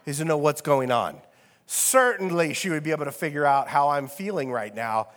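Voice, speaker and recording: A man's voice: on the high side, expressive, normal speed, a bit bright. A man preaching a casual, conversational sermon as pastor, wry and loose with fillers. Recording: long reverb of a large hall.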